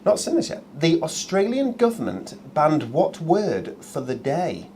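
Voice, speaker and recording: Chatty guy hosting a shopping show, bouncy pitch, faint room hum. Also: wildly swooping pitch, a little slow, darkish tone. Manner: chatty, jokey, many ums. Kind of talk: live shopping chat.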